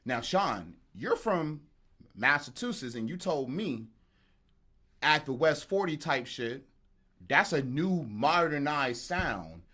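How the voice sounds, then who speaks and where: A man's voice: a little high, slow. A man making beats on a livestream, chatting casually and joking with viewers in the chat. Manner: animated, joking, talks straight to the chat. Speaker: beat producer streaming live.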